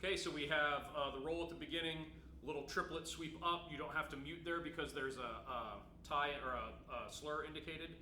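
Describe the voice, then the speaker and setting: A percussion teacher with a slightly high voice talks fairly quickly in a steady, pushed, bright tone while demonstrating timpani to his students. He explains technique patiently as he plays, often checking in with "right?" The room has a roomy echo and faint noise.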